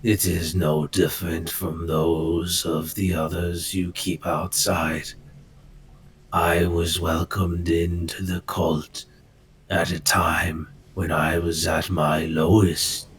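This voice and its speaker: A man voicing a solemn male cultist with unblinking yellow eyes, speaking slowly and gravely as if preaching. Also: low voice, little pitch movement.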